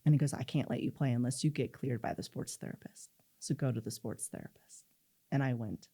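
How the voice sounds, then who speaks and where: A woman's voice: a bass voice, fairly quick, slightly rough. A middle-aged woman telling a personal story in an interview, acting out the dialogue she quotes. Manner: animated, acts out quoted dialogue. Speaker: guest.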